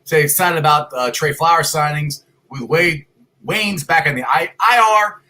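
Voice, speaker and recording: A man hosting a casual sports talk show from a home computer, loud and excitable, rambling with restarts. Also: on the high side, moderate pace, rough recording. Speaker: podcast host. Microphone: computer mic.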